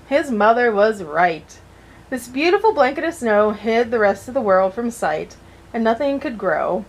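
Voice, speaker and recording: A woman's voice: fairly high pitch, sing-song, a little slow. A woman vlogger reading a children's storybook aloud and breaking off into chatty, joking asides.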